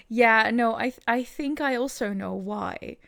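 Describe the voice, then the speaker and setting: A woman's voice: fairly high pitch, creaky, a bit bright. A woman streamer playing a game, chatting casually, laughing often and reacting to her chat. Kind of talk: casual livestream chat over gameplay.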